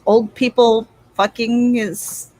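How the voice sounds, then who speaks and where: A woman's voice: a little high, little pitch movement, slow, darkish tone, dry recording. A woman co-host chats in a giggly, teasing way. Her voice is dry and close, with little room sound. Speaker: stream co-host. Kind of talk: casual chat on a live stream.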